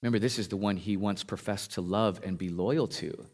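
A man preaching a sermon, retelling a scripture passage with his pitch climbing for emphasis and dropping low on key lines. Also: brisk, darkish tone. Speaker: pastor.

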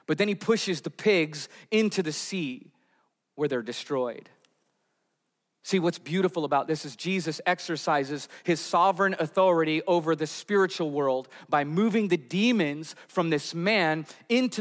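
Man preaching with slightly high pitch. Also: long reverb tail. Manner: expository preaching, rising in emphasis, voicing the demons' pleas. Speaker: pastor. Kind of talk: sermon.

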